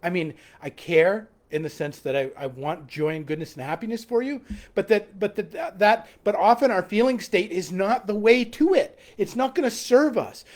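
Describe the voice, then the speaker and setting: A man's voice: high-pitched, lively intonation, moderate pace. A male pastor giving a conversational sermon reflection, earnest, repeating key phrases and often restarting his sentences. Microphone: live-stream recording.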